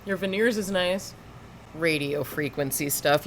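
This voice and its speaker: A woman's voice: fairly low pitch, normal speed, fairly bright tone, slight background noise. A woman giving sarcastic, lecturing reaction commentary over police footage.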